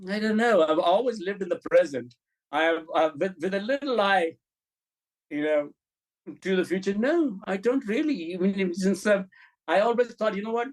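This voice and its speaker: A middle-aged film director, interviewed as a guest, shares candid, blunt, profane anecdotes with animation, acting out the dialogue he quotes. His voice is high and moves at a normal speed, though the recording is rough.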